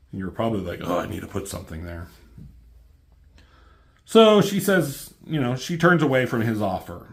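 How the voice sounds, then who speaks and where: A man casually reviewing a comic book, reading bits aloud and wandering off into wry, rambling asides. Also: fairly low pitch.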